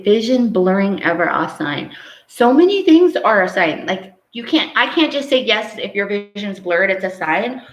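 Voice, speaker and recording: Animated woman preaching on a live stream. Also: medium pitch, roomy sound, poor audio. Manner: animated and preachy, often adds "right?". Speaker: medium hosting a live stream. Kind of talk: live-stream chat answering viewer comments.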